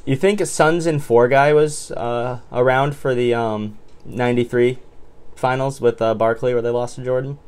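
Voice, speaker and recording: A man's voice: medium pitch, normal speed, smooth. A man co-hosting a casual sports podcast, steering the topic and teasing his co-host. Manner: relaxed, teasing, drives the topic with segues.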